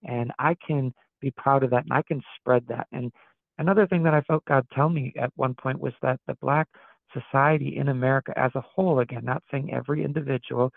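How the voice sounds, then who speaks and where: A man's voice: mid-range voice, steady tone, fairly quick, vocal fry, no echo. A man from Wisconsin, a guest pastor in a podcast interview, talking earnestly and reflectively, often restarting his sentences as he thinks aloud. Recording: tinny phone-like dry sound.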